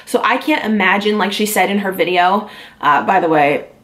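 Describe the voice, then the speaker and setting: A woman's voice: medium pitch, moderate pace, a bit bright. A young adult woman, a beauty vlogger, talking to camera in an earnest, confiding way, with frequent ums and likes. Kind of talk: candid talking-head vlog.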